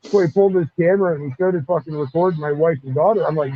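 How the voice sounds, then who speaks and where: Brief: man, guest on a voice chat, rambling and profane, slightly higher voice, dull lo-fi audio. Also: quick pace. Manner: rambling, profane, animated retelling. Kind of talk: casual storytelling chat. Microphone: online voice chat.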